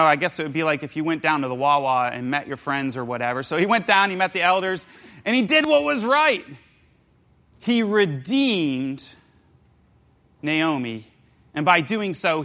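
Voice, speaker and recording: Guy preaching, high bright voice, jokey and animated, tells it like a story. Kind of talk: casual sermon storytelling.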